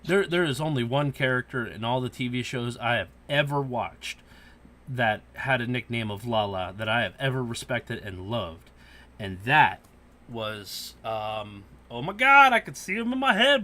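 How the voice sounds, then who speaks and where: Animated, profane man ranting. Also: medium pitch, moderate pace. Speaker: podcast host. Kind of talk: casual podcast chat.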